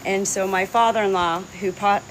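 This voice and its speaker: A woman's voice: medium pitch, fairly even intonation, normal speed, rough recording. A middle-aged woman chatting live from her small farm, rambling and sentimental, laughing often. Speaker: hobby farmer streaming live. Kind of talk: rambling live-stream chat. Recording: faint outdoor noise. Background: insects and crickets.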